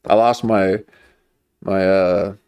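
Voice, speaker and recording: A man's voice: deep voice, steady tone, slow pace, a little mellow, clean tone. A man streaming, chatting casually in a rambling, jokey way. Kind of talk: casual chat.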